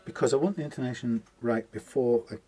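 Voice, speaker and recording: A man's voice: medium pitch, fast talker, mellow. A man talking casually through a guitar setup in his workshop, rambling and muttering to himself as he works. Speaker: guitar technician. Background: guitar being plucked.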